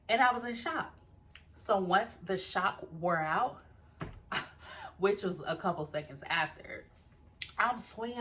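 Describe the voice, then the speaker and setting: A young woman shares a personal story in a casual vlog, speaking directly to her viewers. She's animated, swears freely, and her voice sits on the low side.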